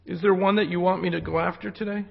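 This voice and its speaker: A man with a raspy, fraying voice walks an audience through a technical talk, tossing in casual jokes. He sits a little high for a man. The lo-fi recording carries a long hall reverb. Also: steady tone, fast. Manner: casual, joking asides to the audience. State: losing his voice from jet lag. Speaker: security conference speaker. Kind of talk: live technical talk with demos. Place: conference hall.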